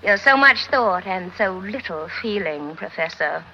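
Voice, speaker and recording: A woman's voice: mid-range voice, expressive, a little slow, pushed and bright, highs cut off, a little hiss or hum. A spirited lecturing woman, old film. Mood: indignant. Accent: mid-Atlantic. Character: spirited woman scolding a professor. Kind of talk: classic film acting.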